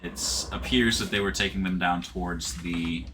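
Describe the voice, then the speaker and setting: A man narrating a tabletop game as game master, in a relaxed way with frequent fillers. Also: low-pitched, moderate pace, noisy background. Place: home setup streaming live.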